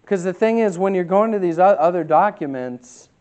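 Fervent pastor with a higher voice. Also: male voice, animated, muffled recording. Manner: emphatic preaching that swings from loud to quiet; reads scripture slowly and deliberately. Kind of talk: sermon.

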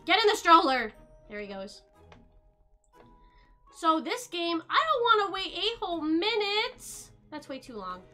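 A woman streaming a game in casual commentary, excitably chattering to viewers and gasping at new finds. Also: very high voice, a little slow, long pauses, faint music behind.

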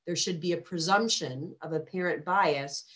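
A woman lawyer speaking on a webinar panel, measured and precise, with frequent fillers and small restarts. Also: lowish voice, a bit bright. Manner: measured, precise, quotes legal text carefully.

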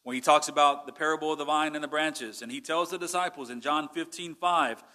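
Bright-voiced Texan preacher man. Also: a little high, brisk. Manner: conversational preaching with rhetorical questions. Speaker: pastor. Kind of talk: sermon.

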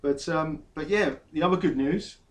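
A man's voice: a little high, moderate pace. A man co-hosting a casual football chat, chatty and teasing, often laughing. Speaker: vlog co-host.

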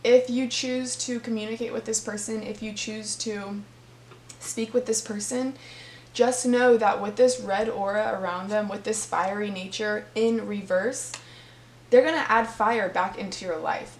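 Speaking at an unhurried pace with medium pitch and fairly even intonation, a woman reads tarot for her audience, talking to them sincerely and directly. The room is echoey, with a faint hum.

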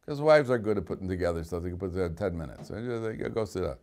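A man's voice: low voice, fast. A man teaching a class as a rabbi, reading Hebrew verses, translating them and adding joking asides. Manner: animated, joking asides, reads Hebrew text then translates. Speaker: rabbi teaching weekly Torah portion. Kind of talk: classroom lecture with humor. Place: study hall classroom.

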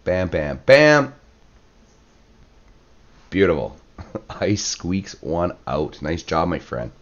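A hoarse man, losing his voice, giving relaxed play-by-play commentary on a strategy game, with fillers and throat clearing. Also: low-pitched, takes it slowly, highs cut off. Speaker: clan war commentator. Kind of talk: gameplay commentary.

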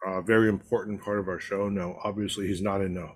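A man's voice: sits low, level tone, fast talker. A young man from Canada co-hosting a podcast, chatting casually and sometimes eating while he talks. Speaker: podcast co-host. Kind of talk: casual chat.

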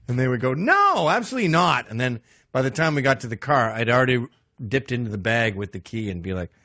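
A man's voice: mid-range voice, big pitch swings, moderate pace, dry recording, studio quality. A man hosting a podcast, telling a comic story and jumping into silly voices for the characters in it. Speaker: podcast host. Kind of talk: comic monologue.

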